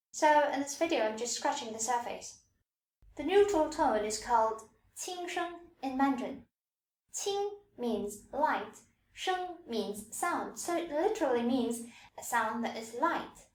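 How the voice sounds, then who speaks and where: A woman teaching Mandarin pronunciation in a scripted lesson, demonstrating tones slowly and clearly. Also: on the high side, roomy sound.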